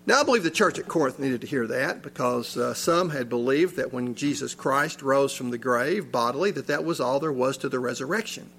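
A man's voice: mid-range voice, brisk, few pauses, a bit bright. A man preaching a sermon in a church, reading scripture and asking his listeners rhetorical questions with rising emphasis. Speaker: pastor.

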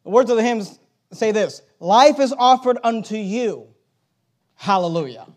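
Emphatic high-voiced male preacher. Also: lively intonation. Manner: emphatic, swings between loud stresses and hushed low lines; slows down to stress key words. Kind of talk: sermon.

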